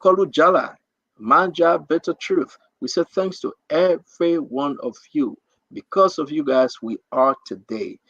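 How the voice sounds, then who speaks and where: A man's voice: on the high side, unhurried, fairly bright tone, no room sound, muffled recording. A man with a Liberian accent hosting a livestream, giving an impassioned political address to his online viewers with rousing, repetitive rallying cries. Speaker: livestream host.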